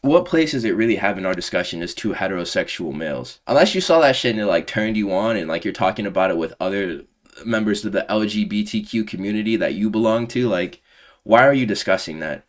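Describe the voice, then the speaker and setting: A man's voice: fairly low pitch, lively intonation, fast. A man giving casual, profane, exasperated commentary on a combat sports fan community, full of slang. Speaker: MMA commentary YouTuber.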